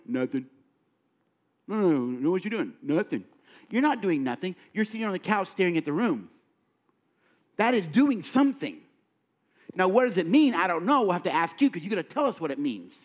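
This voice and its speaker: A middle-aged man preaching a sermon, acting out little scenes and firing questions at his listeners. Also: high voice. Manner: animated, acts out dialogue, asks the audience questions. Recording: dull lo-fi recording.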